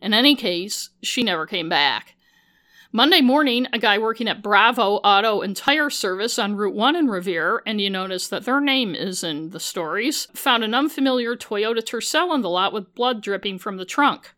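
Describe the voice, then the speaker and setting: A woman's voice: mid-range voice, expressive, moderate pace, pushed and bright. A woman and former journalist hosting a true-crime podcast, narrating casually with sarcastic asides and frequent swearing. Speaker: podcast host.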